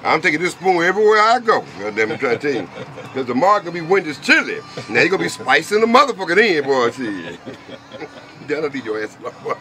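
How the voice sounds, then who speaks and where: A man's voice: medium pitch, very animated, brisk, sharp tone, slight background noise. A man hosting a street comedy show, boisterous and profane, laughing at his own jokes outside a convenience store. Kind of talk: loose street comedy banter.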